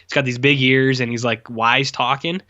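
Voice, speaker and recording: A man's voice: mid-range voice, fairly even intonation, moderate pace, bright, forceful tone, lo-fi sound. A man co-hosting a podcast, recapping a movie in loose casual chat full of fillers. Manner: rambling, loose, lots of fillers. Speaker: podcast co-host.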